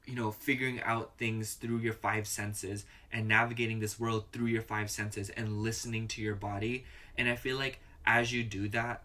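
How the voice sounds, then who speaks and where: A man giving a casual, rambling tarot reading to his viewers, full of "you know" and "like.". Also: mid-range voice. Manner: murmurs softly while shuffling and pulling cards. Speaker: tarot reader.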